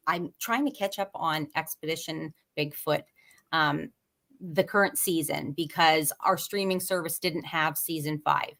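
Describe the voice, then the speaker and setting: A woman guest in a casual podcast conversation, talking haltingly with many fillers and restarts. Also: fairly low pitch, bright, forceful tone.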